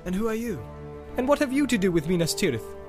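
A man's voice: sits high, sing-song, fast, over music, voice pushed up. A man voicing a proud, doubtful human warrior in a read-aloud story. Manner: proud, emphatic.

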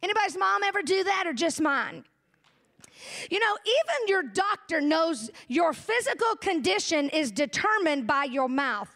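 A woman's voice: very high voice, big pitch swings, unhurried, sharp tone. A woman pastor preaching a sermon, folksy and humorous, with asides to the congregation.

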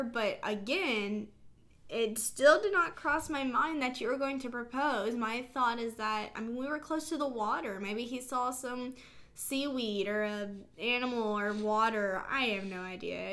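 A young woman co-hosts a relaxed podcast chat. Her voice sits a little high, and she speaks in an offhand, easygoing way. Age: young adult. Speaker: podcast co-host. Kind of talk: casual chat.

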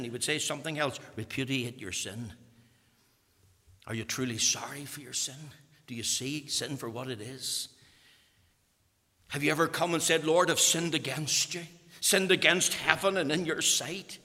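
Male preacher, bright cutting tone, whisper-to-shout sermon delivery, echoey hall. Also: moderate pace. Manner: swings from hushed near-whispers to loud, high-pitched exhortation. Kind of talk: fiery evangelical sermon.

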